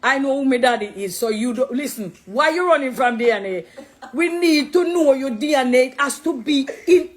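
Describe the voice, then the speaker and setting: Talking straight to camera on a live video, this former dancehall artist turned Christian, a middle-aged Jamaican woman, sounds affectionate and preachy as she moves between English and patois. Her high-sitting voice has lively intonation at normal speed, with a little hiss or hum in the background.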